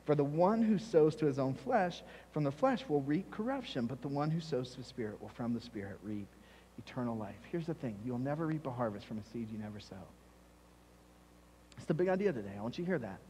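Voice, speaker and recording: A man's voice: mid-range voice, animated, a little fast, mellow, slight background noise. A man preaching a sermon as pastor, emphatic and repeating key phrases for stress. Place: church sanctuary. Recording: long reverb of a church hall.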